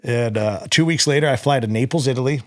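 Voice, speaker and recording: A man's voice: mid-range voice, fast, no echo, clean studio sound. A young man from Southern California, a podcast guest telling his story in a blunt, profane, casual way and acting out the dialogue.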